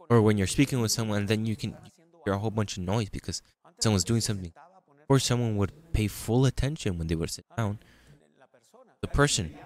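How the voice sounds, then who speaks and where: Deep-voiced male pastor preaching. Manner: conversational preaching, restarts, reads scripture aloud. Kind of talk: sermon.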